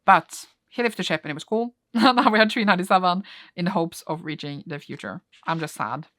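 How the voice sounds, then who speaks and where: Young woman, chatty recap, bright tense tone, lowish voice, dry close sound. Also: fairly quick, no room sound. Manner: chatty, laughs often, restarts with "like". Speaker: reading vlogger. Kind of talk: casual chat recapping a comic.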